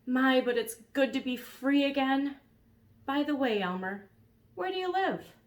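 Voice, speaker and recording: A woman reading a storybook aloud, voicing a gentle, grateful young male dragon in a raised, polite voice. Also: high voice, a little slow, voice pushed up. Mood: gentle, eager.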